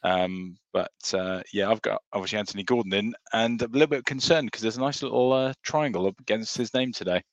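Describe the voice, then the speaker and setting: Male co-host, quick and emphatic, lowish voice, slightly dull lo-fi mic. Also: no echo. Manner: brisk, emphatic, rhetorical asides. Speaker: podcast co-host. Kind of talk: casual chat.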